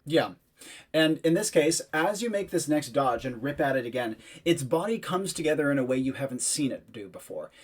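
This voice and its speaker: A man's voice: a little high, lively intonation, normal speed, husky. A man running a tabletop game as game master, giving vivid, descriptive narration with casual fillers.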